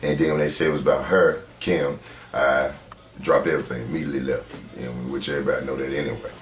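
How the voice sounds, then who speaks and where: A man's voice: very deep voice, flat delivery, fast, faint music behind. A man in a documentary interview, talking in an emphatic, rambling way while searching for words. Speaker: interviewee, cousin of the victim. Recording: roomy echo.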